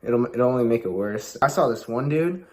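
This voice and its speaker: Young man, casual advice talk, rambling, full of fillers, mid-pitched voice. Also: animated, moderate pace, a little mellow. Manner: loose, rambling, heavy fillers. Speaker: host.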